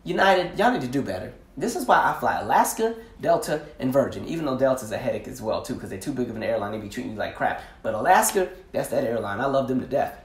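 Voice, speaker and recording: A man hosting a podcast, telling casual stories in a slangy, animated way and laughing often. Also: mid-range voice, fast, hardly any pauses, reverberant. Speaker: podcast host. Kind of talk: casual storytelling monologue.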